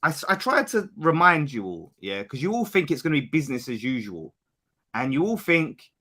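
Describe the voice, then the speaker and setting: A man, an animated football fan pundit who swears and rants in casual podcast banter. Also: a little high, normal speed. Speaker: West Ham fan pundit.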